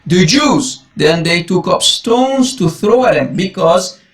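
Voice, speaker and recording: A man's voice: high voice, animated, takes it slowly. A man preaching emphatic Bible commentary, repeating his exclamations and calling his listeners guys. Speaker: Christian preacher.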